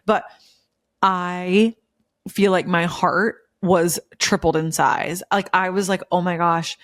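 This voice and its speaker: A woman's voice: lowish voice, fairly even intonation, slow, no room sound, clean studio sound. A woman, hosting a podcast in casual, gushing, emotional chat full of fillers. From Memphis, USA. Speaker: podcast host.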